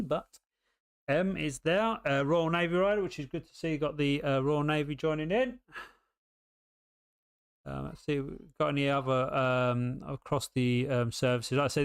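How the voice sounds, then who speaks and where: A man's voice: a little high, clear, resonant tone, no room sound, clean studio sound. A British man giving casual live race commentary, rambling and full of ums and restarts.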